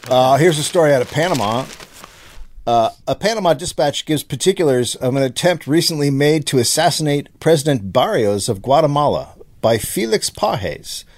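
A man's voice: a little high, animated, moderate pace. A man on a comedy podcast reading old newspaper items aloud in a matter-of-fact way. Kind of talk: casual comedy podcast chat.

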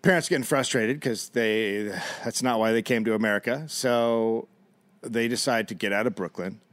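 A man's voice: medium pitch, moderate pace, fairly bright tone. A man co-hosting a comedy podcast, telling a story in casual chat and reading out quotes. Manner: storytelling, reads out quotes, jokey asides.

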